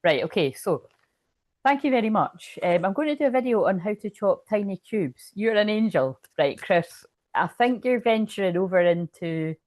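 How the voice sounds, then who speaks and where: A woman's voice: medium pitch, animated, moderate pace, a little mellow, dry recording. A woman doing casual live-stream chat as a spiritual reader, telling a rambling story full of swearing.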